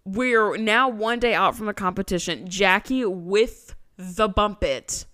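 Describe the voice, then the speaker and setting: A woman's voice: mid-range voice, slow pace, a bit bright, dry recording, studio quality. A woman co-hosting a podcast, recapping a TV episode in casual chat with sarcastic, slangy asides. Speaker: podcast co-host.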